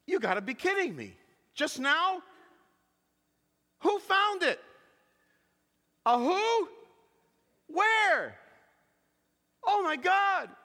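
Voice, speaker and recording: A man voicing a flustered woman hairstylist who bursts into excited, disbelieving exclamations, recorded in an echoey hall. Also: very high-pitched, measured pace, few pauses, pitched above the performer's own voice, heavily acted. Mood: astonished.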